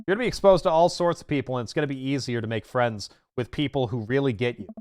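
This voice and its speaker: Game read: man voicing a gentle dad giving advice, soft earnest tone with a higher voice. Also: lightly acted. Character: gentle dad comforting his daughter.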